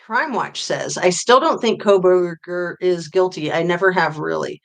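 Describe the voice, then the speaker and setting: A woman's voice: lowish voice, moderate pace. Chatty woman host reading live chat. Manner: chatty, reads viewer comments aloud and answers them; voice often drops off quietly at phrase ends. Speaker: true-crime livestream host. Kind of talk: casual livestream chat.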